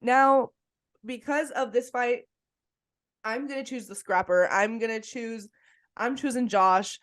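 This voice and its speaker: A woman's voice: on the high side, steady tone, unhurried, a bit bright. A woman co-hosting a casual sports podcast, talking with enthusiasm and laughing often. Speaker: podcast co-host.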